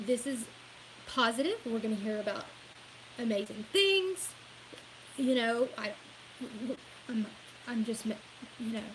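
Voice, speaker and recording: Her voice is a little high, and the poor-quality recording carries slight background noise. The speaker, a political vlogger from Louisiana with a Southern accent, rambles earnestly through a casual opinion vlog, frequently using "y'all" and laughing at her own comments.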